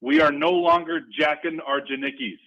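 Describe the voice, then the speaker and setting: A man calling in to a sports radio show, talking in an energetic, excitable and rambling way. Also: fairly high pitch, normal speed, gravelly. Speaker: regular caller. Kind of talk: casual sports talk radio call. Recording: dull lo-fi phone line.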